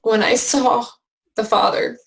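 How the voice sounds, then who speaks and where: A woman giving an emotional personal account as an interview guest, halting with many fillers and restarts. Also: a little high, steady tone, gravelly, poor audio.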